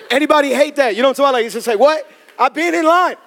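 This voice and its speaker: A man preaching to a congregation as pastor, telling funny stories in an animated way. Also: extremely high pitch, rapid-fire, creaky. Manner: humorous, animated storytelling to a congregation. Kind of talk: sermon. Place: church in front of a congregation.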